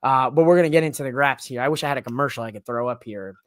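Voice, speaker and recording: A man's voice: mid-range voice, racing, no room sound. A man hosting a solo livestream from his home studio, rambling and joking with hype as he recaps the night's wrestling. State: out of breath. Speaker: wrestling show host. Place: home studio in a living room. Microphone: livestream mic.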